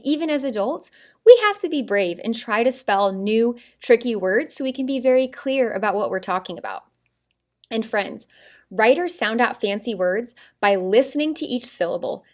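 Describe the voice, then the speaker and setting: A woman teaching a first grade writing lesson, upbeat and encouraging, calling the children friends and sounding words out slowly syllable by syllable. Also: a little high.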